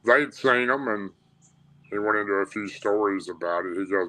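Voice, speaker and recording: Bright-voiced Tennessee man telling his story. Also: lowish voice, moderate pace, rough recording. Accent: Southern US, Tennessee. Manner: plain-spoken, rambling, with restarts. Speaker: radio show guest. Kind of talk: telling a personal encounter story.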